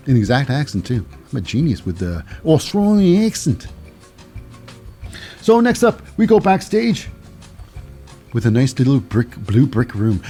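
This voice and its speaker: A man's voice: fairly high pitch, very animated, normal speed, a little mellow, faint music behind. A man hosting a solo podcast, recapping in a rambling, wry way with many restarts. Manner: rambling, restarts, dry asides. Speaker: podcast host.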